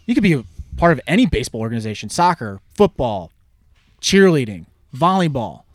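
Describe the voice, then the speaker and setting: A man's voice: medium pitch, very animated, brisk, dry recording. A man in his thirties, a youth baseball coach, chatting earnestly and sometimes stumbling over his words. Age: 30s. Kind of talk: casual podcast chat.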